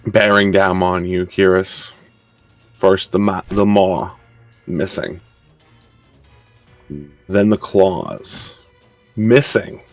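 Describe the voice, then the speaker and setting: A man narrating a tabletop game as game master, describing combat in a calm, measured way. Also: sits low, dry recording, faint music behind.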